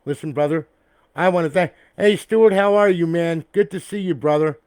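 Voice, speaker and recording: A man's voice: a little high, moderate pace, a little mellow, no echo, studio quality. A man who builds custom consoles, talking casually to camera in a rambling way, tagging "okay?" and "all right?" onto nearly every point, blunt and profane and chummy with his viewers, recorded on an external mic. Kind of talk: casual talk to camera about a finished build. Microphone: external mic, replacing the camera's built-in one.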